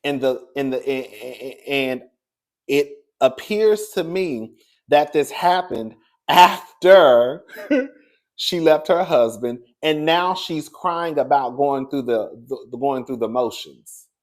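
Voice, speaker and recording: This is a man's celebrity gossip commentary, casual and sassy, where he addresses viewers as "girl." His delivery is slow, moving between quiet murmurs and loud, high-pitched excitement.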